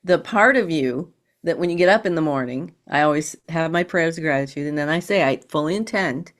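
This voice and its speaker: A woman guest on an interview podcast, explaining ideas in a calm, teaching manner. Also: low-pitched, fairly quick. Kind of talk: interview conversation.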